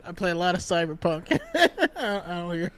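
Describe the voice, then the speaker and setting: A man's voice: sits high, sing-song, a little fast, a bit bright, clear, resonant tone. A man co-hosting a live show in casual chat, laughing a lot and starting with hesitant stammers. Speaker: podcast co-host.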